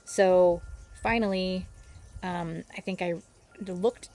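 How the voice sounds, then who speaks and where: Chatty woman with a gravelly edge. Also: lowish voice, steady tone, takes it slowly, a little mellow. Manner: rambling, easily distracted, chatty. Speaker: vlogger. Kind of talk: casual storytelling vlog. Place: outdoors near birds.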